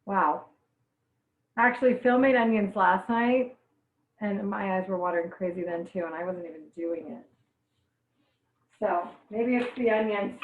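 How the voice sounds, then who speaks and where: This young woman's mid-range voice is unhurried and broken by long pauses as she teaches a live online cooking class. She laughs and chats with frequent exclamations while onions make her eyes water. The sound feels distant, echoey and phone-like.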